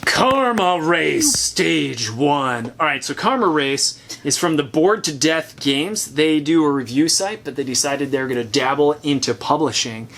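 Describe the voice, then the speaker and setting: A man's voice: on the high side, normal speed, hardly any pauses, fairly bright tone, a little hiss or hum. A man hosting a casual chat, giving opinionated, chatty takes while thinking aloud. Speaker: host. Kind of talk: casual chat reviewing board games.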